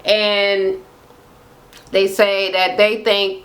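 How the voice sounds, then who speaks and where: A woman's voice: medium pitch, moderate pace, poor audio. A woman recapping a reality show in a casual, profane rant, acting out the cast's lines. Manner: animated, profane, acts out quotes.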